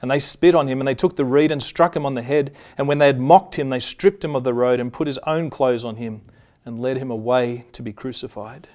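A man delivers a sermon, reading scripture aloud at a measured pace and slowing for the solemn lines. His voice is medium-pitched and darkish, with fairly even intonation.

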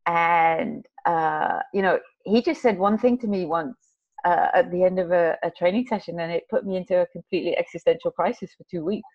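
A woman's voice: on the low side, brisk. Woman telling a story, muffled recording. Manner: rambling, with many restarts and fillers; animated, acts out quoted voices. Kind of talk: casual conversational storytelling.

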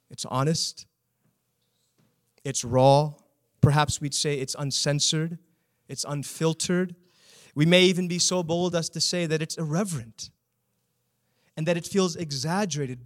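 Man preaching, fairly high voice, earnest, keeps asking the room questions. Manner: earnest, rhetorical questions to the congregation. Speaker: pastor. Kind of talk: sermon.

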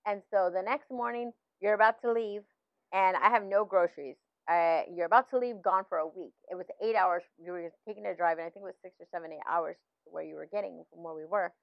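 A woman's voice: lowish voice, a little fast, creaky, dry recording. Middle-aged woman telling a faith story. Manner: animated storytelling, many fillers and restarts. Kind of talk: personal faith testimony in casual talk. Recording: dull, slightly lo-fi, dry sound.

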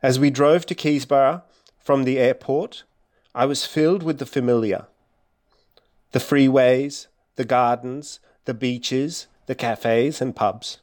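A man's voice: mid-range voice, darkish tone. A man from India, an author, talking in an interview and then reading steadily from his own memoir.

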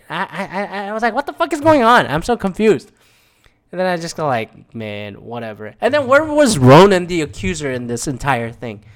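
Fairly high-voiced man, casual rambling rant, swears a lot, sounds exasperated. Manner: profane, exasperated, rambling with quoted asides. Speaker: movie reviewer. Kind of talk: casual ranting movie review.

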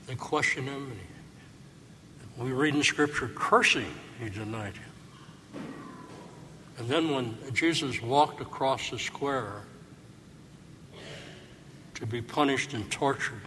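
A man preaching a sermon as a priest, reflective and gentle, asking his listeners rhetorical questions. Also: mid-range voice, slow pace, long pauses, slight background noise. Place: church. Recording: church hall reverb, faint ambience.

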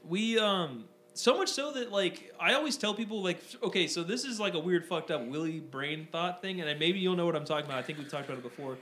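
Young male podcast co-host, quick and rambling, profane, roomy echo. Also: high voice, animated, fairly bright tone. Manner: rambling, swears freely, many fillers. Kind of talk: casual chat. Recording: echoey room with faint ambient noise.

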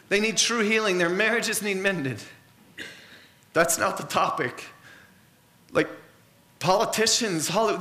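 A man's voice: high voice, pushed and bright, echoey room. A man preaching a sermon in an earnest, conversational way, mixing in personal stories.

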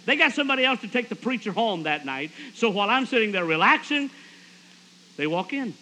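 Animated preacher telling a story. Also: male voice, high voice, brisk, slight background noise, rough recording. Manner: animated, acts out quoted voices. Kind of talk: storytelling sermon.

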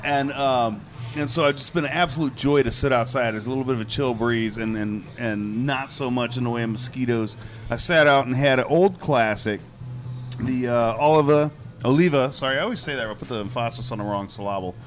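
A man's voice: mid-range voice, a little fast. A man co-hosting a casual chat show, talking in an easygoing, enthusiastic way and rambling as he describes things. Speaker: co-host.

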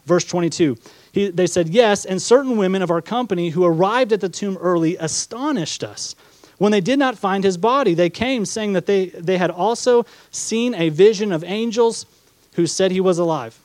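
Pastor preaching, higher-pitched man, dry sound. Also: normal speed, darkish tone, dry recording. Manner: reads scripture then explains it with rhetorical questions; acts out the disciples' doubts in quoted asides. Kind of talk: sermon.

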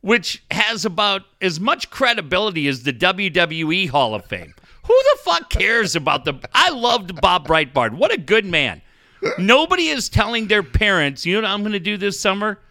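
A man's voice: sits high, very animated, normal speed, bright, forceful tone. A man hosting a sports radio show, ranting sarcastically and swearing constantly. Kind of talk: profane sports talk rant.

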